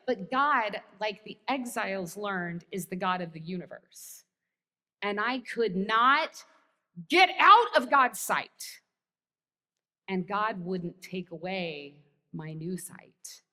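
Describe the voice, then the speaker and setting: A woman's voice: medium pitch, lively intonation, takes it slowly, bright, forceful tone. American woman pastor, sermon with wry self-mocking humor, long church-hall reverb.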